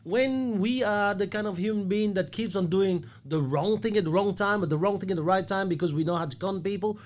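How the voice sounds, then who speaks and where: Man, podcast host, philosophical, emphatic, slightly high voice. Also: a little fast. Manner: philosophical, emphatic, swears casually. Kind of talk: casual podcast chat.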